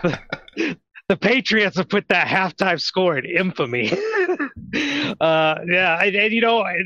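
Podcast co-host, male, slightly high and bright, blunt and profane. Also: expressive, a little slow, no echo, lo-fi sound. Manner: blunt, profane, laughing often. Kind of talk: casual sports betting chat.

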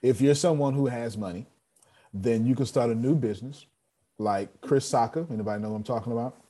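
Here a man of medium pitch and warm tone speaks at a fairly quick clip. His animated motivational talk coaches an online business meeting with blunt humor and repeated lines delivered in a preacher's rhythm.

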